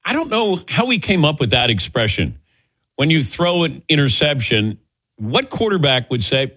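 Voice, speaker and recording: Brief: male sports talk host, animated and chatty, dry close mic. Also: on the high side, moderate pace, husky, dry recording. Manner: chatty, laughs easily, animated delivery.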